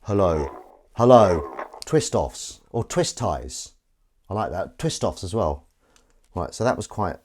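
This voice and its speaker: A man's voice: deep voice, sing-song, takes it slowly, long pauses, darkish tone. A man hosting a casual live stream, rambling and self-mocking as he tries out a gadget. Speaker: livestream host. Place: outdoors in wind.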